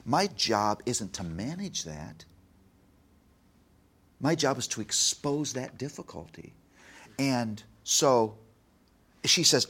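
Gravelly earnest man telling a story. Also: mid-range voice, sing-song, slow pace, long pauses. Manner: preaching, emphatic, retells dialogue softly. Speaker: guest, Christian author on parenting. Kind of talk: earnest interview talk with told anecdotes.

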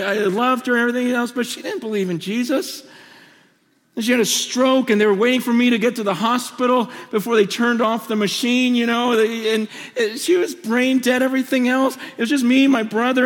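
A middle-aged man preaching a sermon with impassioned feeling, often stammering and repeating words as he speaks. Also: extremely high pitch. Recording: long hall reverb.

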